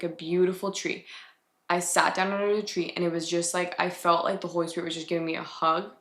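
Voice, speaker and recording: A woman's voice: on the low side, fairly bright tone. A young woman in her twenties sharing a personal faith testimony on a podcast, chatty and reflective with many filler words. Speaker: podcast host. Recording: echoey room.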